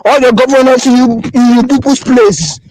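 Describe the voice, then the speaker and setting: A man's voice: very high voice, steady tone, normal speed, darkish tone, no room sound, poor audio. A man with a Nigerian accent recording an impassioned voice note on his phone, pleading and repeating himself with emotion. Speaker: voice-note sender.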